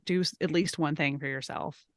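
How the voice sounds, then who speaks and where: A woman's voice: low-pitched, fairly even intonation, fairly quick, no echo, clean studio sound. A woman co-hosting a podcast, talking candidly in casual chat, still coughing a little. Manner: candid, reflective, trailing off mid-thought. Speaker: podcast co-host.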